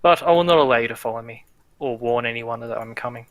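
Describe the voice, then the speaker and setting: A man voicing a scheming ancient male villain god who speaks slowly, grandly and with menace. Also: medium pitch, natural voice. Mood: menacing.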